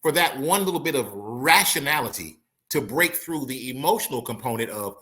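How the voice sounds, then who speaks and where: Speaking at a moderate pace in a medium-pitched, sharp voice with lively intonation, a male criminal and appellate attorney appears as a guest. He casually analyzes a trial, performing courtroom quotes and tossing in slangy remarks.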